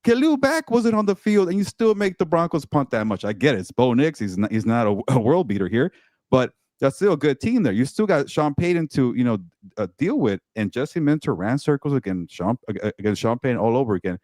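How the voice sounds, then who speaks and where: A man co-hosting a casual sports talk show, excitable and quick, often repeating words as he goes. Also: mid-range voice, no room sound, clean studio sound. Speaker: co-host and team reporter.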